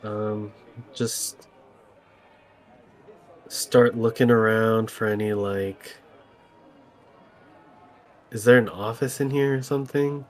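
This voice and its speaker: A man's voice: lowish voice, fairly even intonation, slow pace, pauses often. A man playing a tabletop game, hesitant and thinking aloud. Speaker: player.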